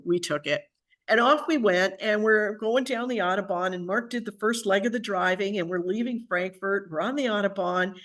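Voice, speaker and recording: An older woman telling a story in a chatty, lively way, her voice sitting at an ordinary middle pitch. She talks as an author would to an audience, acting out what others said as she goes. It is a casual, personal way of speaking. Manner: animated, chatty, acts out what people said. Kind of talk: conversational storytelling talk. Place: at home.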